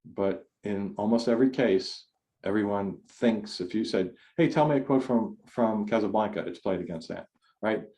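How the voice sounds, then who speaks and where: A man's voice: lowish voice, normal speed, warm tone. A man giving a conversational talk over a video call, rambling and restarting his sentences often. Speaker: speaker. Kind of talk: online forum talk.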